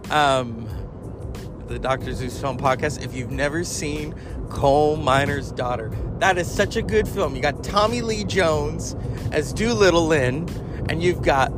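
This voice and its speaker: A man hosting a podcast in casual, rambling chat full of fillers. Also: on the high side. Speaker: podcast host.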